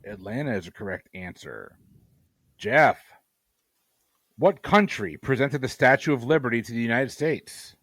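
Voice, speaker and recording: A man's voice: medium pitch, expressive, unhurried, long pauses, fairly bright tone, dry recording. A man hosting a trivia game, reading questions and teasing the players with dry humor. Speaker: trivia quizmaster.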